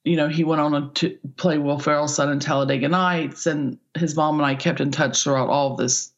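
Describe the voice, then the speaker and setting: Woman talent agent, chatty rambling storyteller, gravelly voice, dull lo-fi recording. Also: low-pitched, steady tone, moderate pace. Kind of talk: casual podcast interview.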